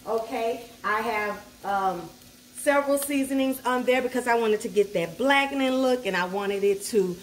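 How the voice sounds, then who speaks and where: A woman's voice: a little high, slight background noise. A woman, hosting a casual cooking tutorial at home and chatting playfully as she cooks. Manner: chatty, playful, sassy asides, talks to the food. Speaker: cooking channel host. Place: home kitchen at the stove. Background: food sizzling in a skillet.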